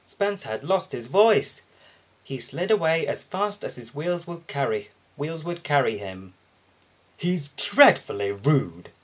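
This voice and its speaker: A man reading a children's storybook aloud in an expressive, sing-song way. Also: a little high, a little slow, poor audio. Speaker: storybook reader.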